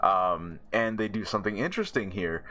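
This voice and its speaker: A man's voice: fairly low pitch, expressive, moderate pace, pushed and bright. A man casually reviewing a TV episode, rambling with many fillers and restarts and laughing often. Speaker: show reviewer.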